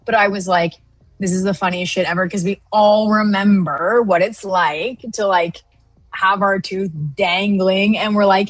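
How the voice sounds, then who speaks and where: A woman in her thirties co-hosting a live trading stream, chatting casually and telling a lively story with animated quoted voices. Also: mid-range voice, normal speed, no room sound, soft background music. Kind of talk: casual chat.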